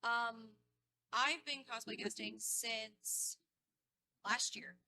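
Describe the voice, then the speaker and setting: A woman's voice: a little high, steady tone, drawn-out words, creaky, bright, forceful tone, poor audio. A woman on a convention panel, telling friendly stories in a casual way. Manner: friendly storytelling with quoted asides. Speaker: cosplay guest panelist.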